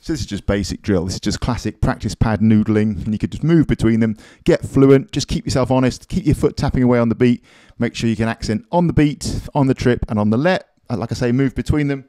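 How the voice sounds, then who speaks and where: A man's voice: medium pitch, fast, loud music behind the voice. A man teaching a drum lesson in a casual, encouraging, chatty way, counting beats aloud as he plays.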